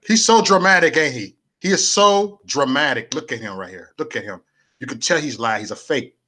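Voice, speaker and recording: A co-host with a lively, bright voice drops mocking little comments while a video plays. His pitch rises and falls a lot as he teases. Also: moderate pace. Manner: mocking asides.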